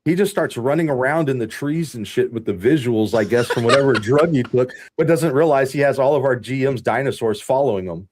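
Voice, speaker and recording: A man from Texas hosting a podcast, telling long work stories in a casual, animated way, laughing often and swearing freely. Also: medium pitch, fairly quick, few pauses, slight background noise. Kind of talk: casual storytelling chat.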